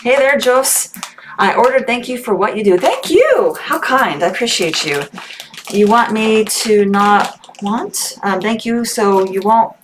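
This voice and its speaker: A woman's voice: mid-range voice, unhurried. A woman hosting a casual livestream, chatting with viewers and reading their comments aloud. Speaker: livestream seller host. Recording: noisy livestream audio.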